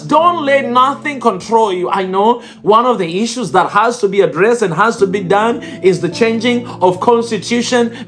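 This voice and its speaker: A man's voice: extremely high pitch, fairly bright tone. A man with an East African accent making an impassioned, pleading appeal to his viewers, repeating his phrases for emphasis. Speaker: video blogger addressing viewers. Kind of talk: impassioned direct-to-camera appeal.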